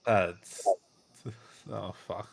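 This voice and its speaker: A man's voice: sits low, steady tone, drawn-out words, creaky. A man playing in a tabletop game, joking and laughing. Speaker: player. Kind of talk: casual tabletop play.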